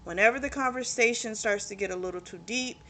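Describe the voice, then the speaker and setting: A woman's voice: fairly high pitch, quick pace, fairly bright tone, a little hiss or hum. A young woman casually retelling a book's plot, chatty and full of fillers, swearing freely. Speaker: book reviewer. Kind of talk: casual book recap.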